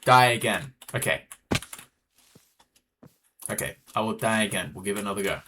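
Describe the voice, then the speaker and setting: Bright-voiced Australian man streaming. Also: fairly low pitch, moderate pace, slight background noise. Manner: rambling and chatty, talks to chat. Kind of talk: casual live gameplay chat.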